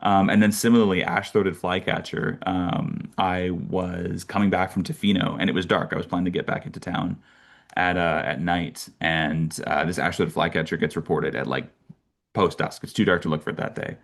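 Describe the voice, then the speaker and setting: A young Canadian man telling lively birding stories in a casual talk, with many fillers and restarts. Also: low voice, moderate pace, vocal fry. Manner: animated storyteller, many fillers and restarts, laughs often. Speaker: birder giving a talk.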